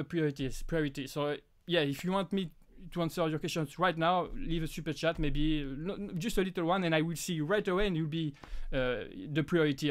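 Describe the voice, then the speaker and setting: A French man, a native French speaker with a French accent, hosts a casual live Q&A. His voice is a little high, and he talks in halting bursts full of restarts and fillers.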